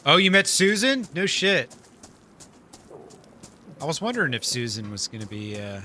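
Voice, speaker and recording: Bright-voiced laid-back male streamer. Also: mid-range voice, lively intonation, a little slow, pauses often, slight background noise. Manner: laid-back, swears a lot, chuckles often. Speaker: game streamer. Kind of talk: casual live-stream chat with viewers.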